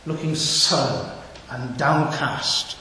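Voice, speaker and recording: A man's voice: mid-range voice, slow, sharp tone. A man preaching an expository sermon, asking rhetorical questions and stressing key words. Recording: echoey hall with hiss.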